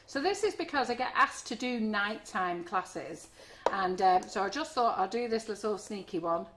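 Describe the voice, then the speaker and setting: A woman's voice: medium pitch, animated, moderate pace, noisy background. A middle-aged woman, chatting as she demonstrates cake decorating in a live kitchen class. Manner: chatty, friendly, talks while working. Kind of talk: live online class demo. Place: home kitchen.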